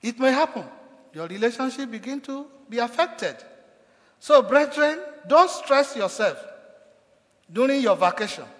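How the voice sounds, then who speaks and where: A man's voice: very high-pitched, lively intonation, a little slow. A man preaching a sermon as pastor, with emphatic delivery that acts out quoted cries with rising force. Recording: echoey hall.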